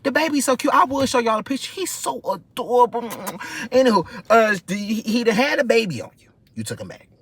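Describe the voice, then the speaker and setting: A man telling a storytime vlog in an animated, gossipy way and swearing freely. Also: very high voice, a little fast, husky, no room sound. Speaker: vlog host.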